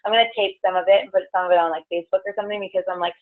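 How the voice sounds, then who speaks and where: A woman's voice: fairly low pitch, level tone, very fast. A woman leading a meditation group, chatting in a rambling way full of fillers, then guiding the group through a grounding meditation. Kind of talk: casual chat and guided meditation. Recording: tinny phone-like lo-fi recording.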